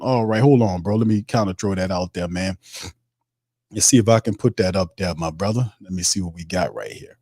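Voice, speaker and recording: Husky sports stream host. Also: male voice, deep voice, a little fast, mellow, no echo, studio quality. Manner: casual, slangy, reads viewer comments aloud. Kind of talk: live sports stream commentary reading chat.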